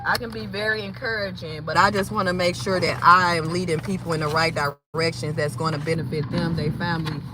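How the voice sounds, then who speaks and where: A woman's voice: lowish voice, steady tone, brisk, few pauses. A woman talking casually in a rambling, chatty way with a valley-girl lilt while she drives and vlogs from her car. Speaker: vlogger. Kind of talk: casual chat vlog while driving. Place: inside a car on the road. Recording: loud traffic and road noise.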